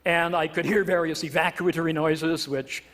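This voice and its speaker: A man's voice: on the high side, fairly even intonation, normal speed, fairly bright tone. A man from Canada, a professor, giving a humorous stage talk in a wry, self-deprecating way with playful word choice. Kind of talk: humorous public lecture.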